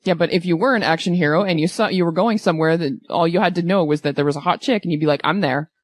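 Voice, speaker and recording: A woman co-hosting a casual movie podcast, animated and quick to jump higher when she disagrees. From Canada. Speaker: podcast co-host.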